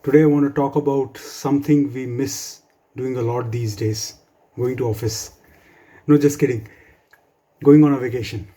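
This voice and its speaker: A man's voice: medium pitch, fairly even intonation, moderate pace, pauses often, mellow. A man performing a stand-up comedy set for office colleagues, with wry, dry humor and asides. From India.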